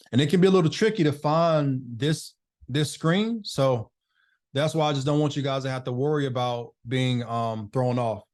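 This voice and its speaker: A man teaching a business masterclass over a video call, his voice sitting fairly high for a man. He talks in a loose, chatty way and calls on participants by name. The call mic is his everyday setup. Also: a little mellow. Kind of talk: casual live online class.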